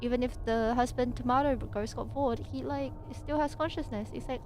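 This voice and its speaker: A woman's voice: on the high side, steady tone, normal speed, darkish tone, a little hiss or hum. A woman livestreaming, chatting in a playful, rambling and silly way between reading passages from her home PC setup. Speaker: VTuber streamer.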